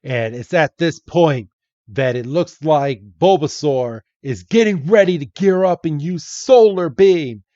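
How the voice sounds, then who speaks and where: A podcast host with a slightly high, mellow, expressive voice walks through a comic in a slow, talkative way, amending his statements as he speaks. The recording is muffled and echo-free.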